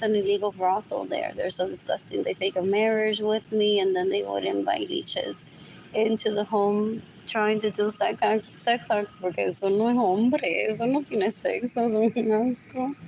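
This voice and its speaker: A woman's voice: mid-range voice, steady tone, normal speed, creaky, a little mellow, slight background noise, low-quality recording. A woman talking alone on a livestream, rambling and muttering, repeating herself and switching languages mid-sentence. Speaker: livestream host. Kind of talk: rambling solo livestream talk.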